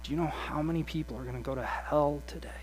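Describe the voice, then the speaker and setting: Male preacher, passionate sermon delivery, fairly high voice, faint hum behind. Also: fast talker, poor audio. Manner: impassioned, swings from hushed to loud animated quoting.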